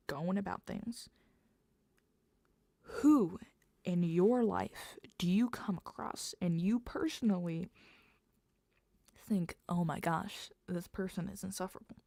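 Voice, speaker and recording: A young woman streamer chatting casually while she writes, drifting between rambling talk and half-whispered musing. Her voice carries a gravelly fry, and she speaks at a slow, unhurried pace. The sound is dry and close-miked. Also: medium pitch, warm tone, dry recording. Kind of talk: casual livestream chat while writing.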